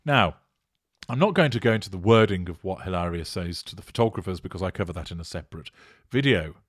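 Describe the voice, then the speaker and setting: Lively low-voiced man, emphatic. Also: no room sound, clean studio sound. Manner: measured, emphatic, formal wording. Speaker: commentator on narcissism. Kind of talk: monologue commentary reading from an article.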